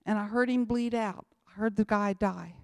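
A woman's voice: mid-range voice, steady tone, normal speed, no room sound, clean studio sound. A woman, giving an emphatic church talk about mission work and repeating her key lines. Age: 60s. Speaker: missionary speaker.

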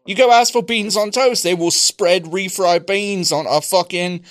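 A man's voice: high voice, measured pace. A man co-hosting a comedy chat, bantering in mock outrage and swearing freely. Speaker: podcast co-host.

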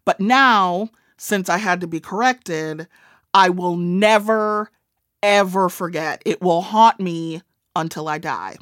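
A woman's voice: on the low side, slow pace, fairly bright tone, no echo, studio quality. A woman in her forties with a Midwestern accent, an author chatting in a wry, self-deprecating way. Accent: Midwestern American. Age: 40s. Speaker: author and comedian. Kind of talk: casual interview chat.

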